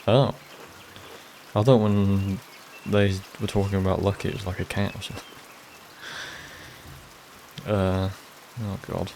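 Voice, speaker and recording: Low mellow guy rambling through a game playthrough, kinda hesitant. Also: flat delivery, unhurried, long pauses, a little hiss or hum. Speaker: gameplay streamer. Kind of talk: casual let's play commentary.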